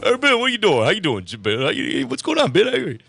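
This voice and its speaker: A man's voice: sits high, huge pitch swings, fast talker, creaky, a bit bright, faint music behind, voice pushed up, full character voice. A man putting on a comic impression of a fellow male radio host, chummy and repeating his greeting.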